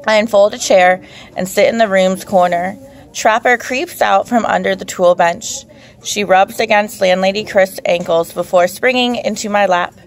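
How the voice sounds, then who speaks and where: A woman narrates a first-person children's story in a calm, measured way. Her voice sits in a middle pitch, and her storytelling is steady and unhurried. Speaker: audiobook narrator.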